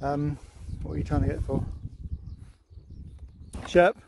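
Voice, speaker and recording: Cheery young bloke, chatty dog-owner vlogger, slightly high voice, laughs a lot. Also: male voice, fairly even intonation, slow, creaky, a little mellow, a little hiss or hum. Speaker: dog owner thanking viewers for gifts. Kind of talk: casual vlog chat to camera and dog.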